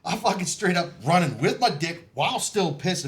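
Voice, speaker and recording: A man telling his military stories in casual podcast chat, swearing often, laughing, and shouting out the quoted lines. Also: high-pitched, lively intonation, normal speed, a little hiss or hum. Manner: profane, laughing, acts out quotes loudly. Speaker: podcast guest. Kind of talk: casual storytelling.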